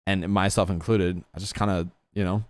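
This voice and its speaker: A man's voice: deep voice, steady tone, moderate pace, dry recording. A young man chatting casually as a guest, rambling with lots of fillers and casual swearing. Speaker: guest streamer. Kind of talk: casual chat about roleplay gaming.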